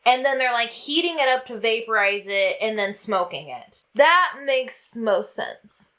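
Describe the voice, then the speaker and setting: High-voiced giggly woman reading aloud. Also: big pitch swings, a little slow, pushed and bright. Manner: giggly, reads aloud then breaks into laughter. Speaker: podcast co-host. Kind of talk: casual chat, reading a quoted account aloud.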